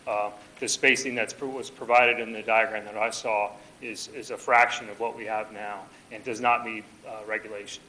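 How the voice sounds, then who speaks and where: A man giving public comment at a council meeting, making a measured, reasoned argument. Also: mid-range voice, pushed and bright, slight background noise, low-quality recording. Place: council chamber.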